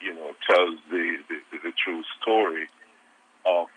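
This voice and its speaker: A man, a history professor, answering interview questions in a halting way with many repeated words. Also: deep voice, fairly even intonation, breathy edge, phone-quality sound.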